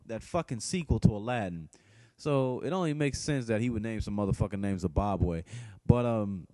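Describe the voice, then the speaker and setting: A man's voice: medium pitch, darkish tone, no echo. A man giving a blunt, profane movie review, rambling with frequent restarts and fillers. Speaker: film reviewer. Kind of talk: casual spoken movie review.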